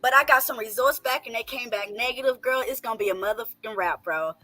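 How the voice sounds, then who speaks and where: A woman, a mother, talking in an excitable, emphatic way with some profanity in casual chat. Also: a little high, fast talker, a crowd in the background. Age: adult mother.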